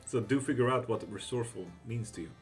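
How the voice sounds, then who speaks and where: This is a man running a relaxed tarot livestream. He reads viewer questions aloud and answers them bluntly. His mid-pitched voice is salted with swearing, and soft music plays behind him. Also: fast. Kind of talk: casual livestream chat reading viewer comments.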